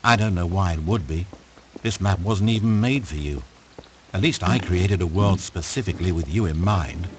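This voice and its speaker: This man's low, natural voice plays a sarcastic, sardonic game narrator at a moderate pace, with background noise audible. The scripted lines scold the player head-on through dry, needling asides.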